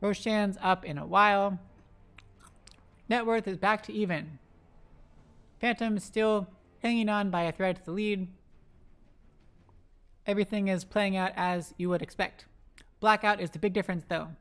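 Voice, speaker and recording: An esports caster giving live play-by-play commentary, rapid-fire and excitable, breaking into loud exclamations and talking to the players on screen. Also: medium pitch, clear, resonant tone. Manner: talks to the players on screen, self-deprecating asides.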